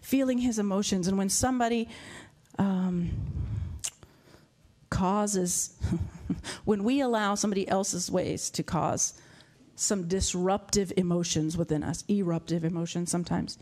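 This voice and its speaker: A woman preaching a sermon to a congregation in a church, animated and laughing often. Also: mid-range voice, unhurried. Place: church hall with live audience.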